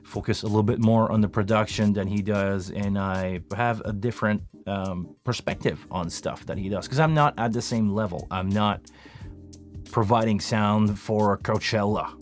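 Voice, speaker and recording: Chatty low-voiced man hosting a live Q&A. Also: normal speed, faint music behind. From Canada. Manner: chatty, self-deprecating, rambling with many fillers. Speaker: live stream host, live sound engineer. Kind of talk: casual live stream Q&A chat.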